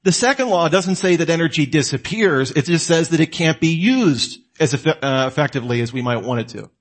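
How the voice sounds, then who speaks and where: A man lectures in a relaxed, conversational way. His voice sits a little high for a man. He keeps asking the listener questions and then answers them himself, with lively energy. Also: brisk. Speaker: apologetics teacher.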